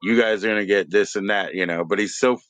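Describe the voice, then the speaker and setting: A man's voice: fairly low pitch, fast talker, a bit bright, clean tone, no echo. A man hosting a live stream, rambling in profane casual chat and laughing often.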